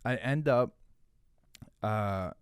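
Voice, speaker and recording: A man's voice: lowish voice, drawn-out words, clear, resonant tone, no echo, clean studio sound. A man telling a story as a podcast guest, casual and profane, with lots of "like" fillers. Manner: animated, profane, filler-heavy, "like" every few words.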